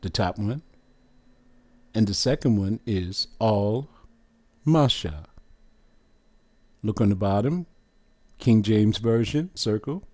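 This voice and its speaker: A man's voice: on the low side, expressive, takes it slowly, long pauses, dark tone, dry recording. A man teaching a lesson, walking the listener through a chart and asking questions as he goes. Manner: asks the listener questions, emphatic.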